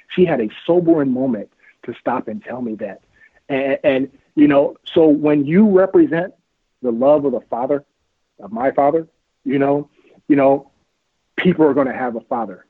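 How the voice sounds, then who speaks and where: Husky guy preaching hard on a thin phone line, dry sound, keeps repeating himself. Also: mid-range voice, no echo. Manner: fervent, repetitive, laughs often. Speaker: guest, street outreach worker. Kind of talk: preachy, emphatic interview talk.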